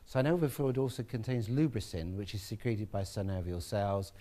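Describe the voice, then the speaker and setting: A man giving a relaxed, chatty classroom lecture, with asides to students. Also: lowish voice, moderate pace.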